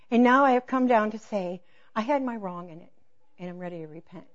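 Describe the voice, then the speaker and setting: Woman, preacher, sermon, acts out dialogue, laughs, soft hushed emphasis, low-pitched, muffled recording. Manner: animated storytelling, laughing, acting out dialogue; drops to soft, near-whispered intensity on key points. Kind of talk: sermon with personal stories.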